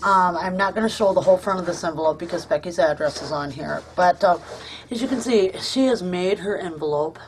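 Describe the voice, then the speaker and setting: A woman's voice: lowish voice, brisk, a little hiss or hum. A woman hosting a casual craft vlog at home, gushing and chatty with lots of ums and uhs. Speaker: crafting channel host.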